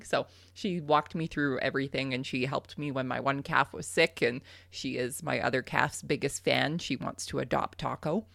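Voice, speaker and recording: A woman's voice: very deep voice, normal speed, vocal fry, hardly any pauses, a bit bright, dry recording, studio quality. A young adult woman from Canada, a farmer and podcast host, telling a funny story in casual chat and laughing often.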